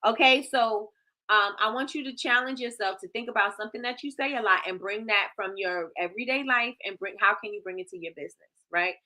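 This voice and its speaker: Lady hosting a live stream, super bright forceful voice, hypes ppl up, repeats herself a lot. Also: mid-range voice, a little fast, low-quality recording. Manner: emphatic, repetitive, animated, laughs often. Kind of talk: motivational live-stream chat.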